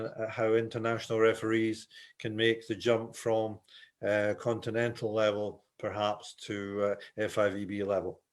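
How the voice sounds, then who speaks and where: An older man with a Scottish accent, giving a webinar lecture as a refereeing instructor, speaking slowly and with hesitation over a video call. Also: on the low side. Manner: deliberately slow, hesitant delivery.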